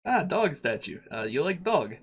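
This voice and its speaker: A man's voice: sits high, expressive, voice pushed up. A man voicing a short, hunched old male shopkeeper with a put-on foreign accent and broken English. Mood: welcoming. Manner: fawning salesman, broken halting English. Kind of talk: tabletop game voice acting.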